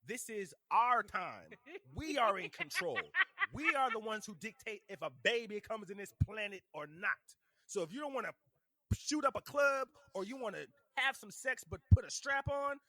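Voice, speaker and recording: A man riffs and rambles through a casual podcast chat, animated and joking. His voice sits high and swings widely, with a very bright tone recorded dry and close. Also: moderate pace, no room sound. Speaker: podcast co-host.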